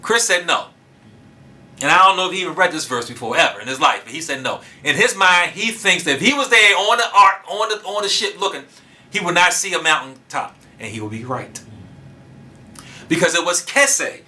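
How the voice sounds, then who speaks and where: A man delivering a sermon in a high, piercingly bright voice. He talks in a casual, colloquial way and turns to his listeners directly. He presses his points with fervent emphasis. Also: animated, fairly quick. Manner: fervent, rising to loud emphatic preaching; casual colloquial speech, addresses audience directly. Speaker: preacher.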